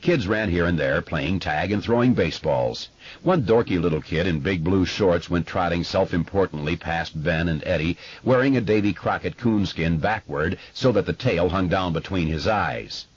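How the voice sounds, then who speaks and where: A man narrating an audiobook in a measured, expressive way, recorded in a studio. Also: deep voice, breathy edge, no echo, dull audio. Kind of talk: scripted narration.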